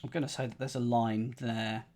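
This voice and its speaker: A man's voice: medium pitch, little pitch movement, normal speed, a little hiss or hum. A man solving a crossword live on stream, thinking aloud in a playful, muttering way. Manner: playful, muttering to himself while reasoning.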